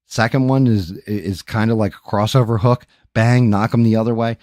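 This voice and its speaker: A man with a very low voice spins a profane yarn with his own sound effects. He talks as a livestream host in a loose, casual way. His voice sounds dry and close, with no room around it. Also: steady tone, normal speed, a little mellow, dry recording. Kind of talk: casual storytelling chat.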